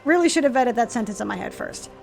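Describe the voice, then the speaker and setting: A woman's voice: fairly high pitch, lively intonation, fast, vocal fry, soft background music. A woman streaming a video game, reading character dialogue aloud and adding playful, sarcastic, swearing commentary.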